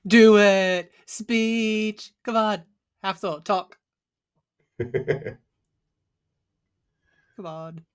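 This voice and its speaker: A man voicing a tipsy, pushy young adult twin who yells and goads at a tabletop game. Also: on the high side, normal speed, voice pushed up, lightly acted. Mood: rowdy. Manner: yelling, teasing, goading.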